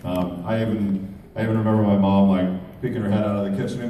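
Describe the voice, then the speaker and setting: A man in his thirties, a guest on a fan panel, tells a lively anecdote and keeps jumping into loud, excited quoted voices. His voice is lowish and fast. He's far from the mic in a large, very echoey convention hall, with crowd noise from the audience.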